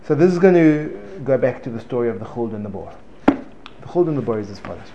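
A man's voice: fairly low pitch, animated, fast talker. Joking, rambling man teaching a class. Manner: joking, digressive, repeats himself. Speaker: Torah teacher. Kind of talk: informal Torah class. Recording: dull lo-fi recording with faint room noise.

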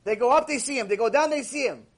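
A man teaching a Torah lecture in an animated, repetitive way, acting out voices as he speaks. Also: very high voice, quick pace, slightly rough. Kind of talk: recorded mussar lecture.

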